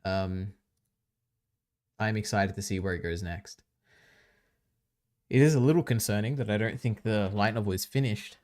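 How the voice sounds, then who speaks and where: A man's voice: on the low side, moderate pace, long pauses, a little mellow. A man hosting a live stream, rambling and reacting casually as he chats.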